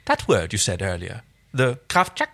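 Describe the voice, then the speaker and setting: A man's voice: lowish voice, huge pitch swings, moderate pace, a bit bright, heavily acted. A man voicing a curt, no-nonsense female alien pilot as he reads a story aloud.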